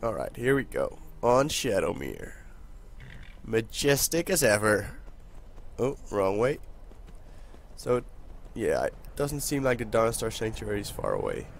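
Hoarse young man narrating his gameplay. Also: fairly low pitch, unhurried, long pauses. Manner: excitable, talks to viewers while playing. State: hoarse, voice cracking. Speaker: gaming channel host. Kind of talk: casual let's-play commentary.

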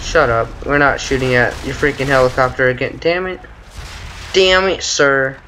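A man's voice: mid-range voice, normal speed, pauses often, a little hiss or hum. A young man giving casual gameplay commentary, muttering and cursing at the game as he plays. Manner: excitable, mutters and curses at the game. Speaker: gaming channel host. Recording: faint gunfire game audio behind.

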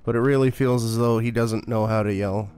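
A man's voice: medium pitch, fairly even intonation, brisk, darkish tone, soft background music. A man streaming a horror game, talking in a casual, profane, sarcastic way and playing up being scared. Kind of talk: casual gameplay commentary.

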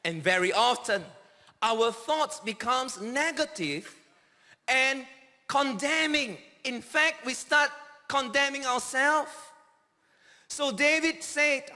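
A man preaches a sermon in a very high, bright voice. He takes his time, leaning on each phrase and calling out quoted cries with dramatic force. His words ring out with the long reverb of a large church hall. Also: lively intonation, slow pace. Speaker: pastor.

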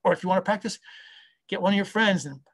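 A man's voice: sits high, fast. A middle-aged man, a company founder, talking casually and rambling with lots of fillers. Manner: rambling, full of fillers and acted-out quotes. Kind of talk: casual talk to an online audience.

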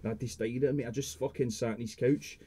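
A man's voice: medium pitch, steady tone, fast, dark tone, slightly rough. A young man in his twenties, a podcast guest telling a rambling, sweary story and tagging his lines with "mate". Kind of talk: casual storytelling chat.

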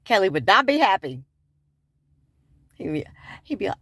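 A woman's voice: low-pitched, wildly swooping pitch, normal speed, creaky, pauses often, fairly bright tone, slightly rough, dry recording, studio quality. A woman chatting and joking to viewers in a casual vlog, filmed on a phone in and around her car. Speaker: vlogger. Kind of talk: casual chat to camera. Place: in and around a car, going into a store.

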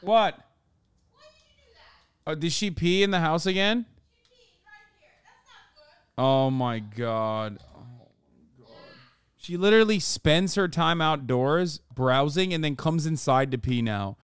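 A man hosting a livestream in casual chat, animated and profane, playing up being offended. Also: on the high side, slow pace, pauses often, clean tone, dry recording. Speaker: livestream host.

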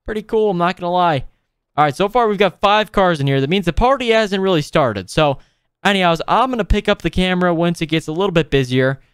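An excitable man talks his viewers through a video game in casual, off-the-cuff commentary. His voice sits a touch high and sounds smooth and clear. He exclaims often and chats to the audience like friends. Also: brisk, no room sound, studio quality. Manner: excitable, frequent exclamations, addresses viewers as boys. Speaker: gaming video host.

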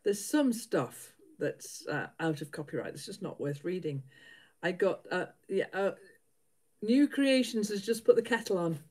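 A woman's voice: lowish voice, lively intonation, a little slow, mellow. A middle-aged woman, chatting casually with live viewers while she sews, laughing often. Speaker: livestream host.

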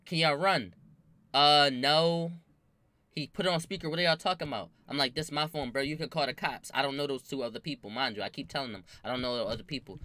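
A man's voice: mid-range voice, quick pace, no echo. A young man telling a story in casual slang, acting out the voices of the people in it. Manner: animated, acts out quoted voices, slangy.

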